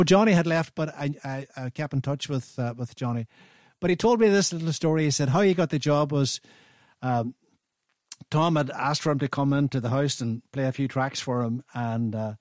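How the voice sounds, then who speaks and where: A man's voice: mid-range voice, a little mellow, no echo, clean studio sound. Older Irish man telling radio anecdotes. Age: 70s. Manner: rambling, anecdotal, with frequent restarts. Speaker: radio host. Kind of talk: chatty radio storytelling.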